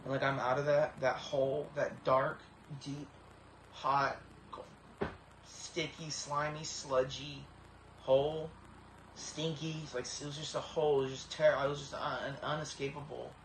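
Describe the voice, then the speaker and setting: A man in his thirties giving an emotional personal testimony, halting and earnest with many repeated starts, close to tears. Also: medium pitch, little pitch movement, a bit bright. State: tearful, emotional. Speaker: vlogger. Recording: echoey room with faint background hiss.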